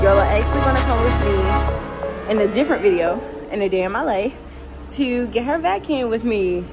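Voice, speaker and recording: A young woman vlogging casually outdoors, chatty and excitable, talking straight to her viewers on a handheld phone. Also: a little high, brisk, loud music behind the voice. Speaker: lifestyle vlogger. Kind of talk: casual vlog tour. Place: outdoors, rooftop and parking area.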